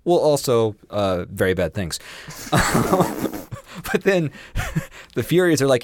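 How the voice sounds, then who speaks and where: A man's voice: medium pitch, big pitch swings, slow pace, background noise. A man co-hosting a podcast in casual chat, animatedly retelling stories and acting out scenes in silly voices. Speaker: podcast co-host.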